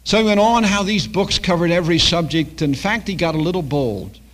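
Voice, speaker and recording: Animated older male preacher. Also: high voice, brisk. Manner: animated storytelling preacher, acting out dialogue. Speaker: pastor. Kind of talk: sermon.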